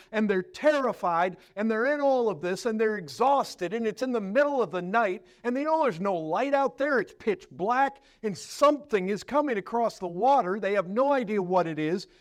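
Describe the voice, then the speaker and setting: Preaching to his flock, this pastor narrates a story with vivid detail. He goes quiet and low before swelling in force, tossing rhetorical questions at the congregation along the way.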